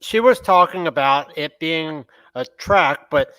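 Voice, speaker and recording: A man's voice: a little high, expressive, unhurried, fairly bright tone. A man co-hosting a podcast in casual chat, hesitant and full of "um"s. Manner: hesitant, with many "um"s and restarts. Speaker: podcast co-host.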